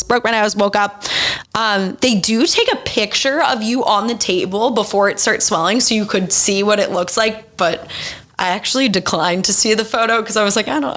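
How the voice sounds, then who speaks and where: Young woman, podcast host, casual confessional storytelling, blunt and swearing, mid-pitched voice. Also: fairly bright tone. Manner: candid and profane, storytelling.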